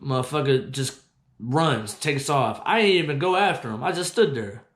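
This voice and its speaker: A young man hosting his own show, telling a story from his childhood in casual, profane, animated talk that gets loud when he quotes himself. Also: medium pitch, normal speed, echoey room. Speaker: host.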